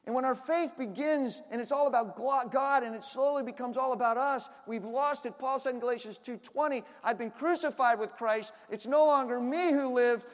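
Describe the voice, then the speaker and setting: A male pastor with a strikingly high voice preaches a sermon, moving dynamically between punchy, loud emphatic lines and hushed, confiding asides. His words carry the long reverb of a large hall, as if ringing through a church sanctuary.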